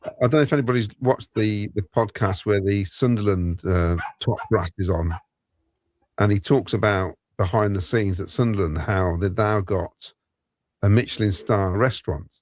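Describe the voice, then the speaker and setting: Lowish-voiced panel guy, measured, lots of "you know", dry sound. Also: darkish tone, dry recording. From England. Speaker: podcast panelist. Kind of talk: casual fan podcast chat.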